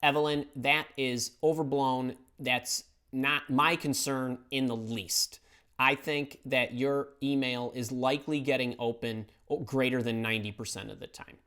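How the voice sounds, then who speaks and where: A man's voice: mid-range voice, steady tone, a little slow, fairly bright tone, smooth. A middle-aged man hosting a live career-advice question session, speaking casually and bluntly, repeating words for emphasis. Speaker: career advice host answering viewer questions. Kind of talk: live-stream Q&A, casual and opinionated.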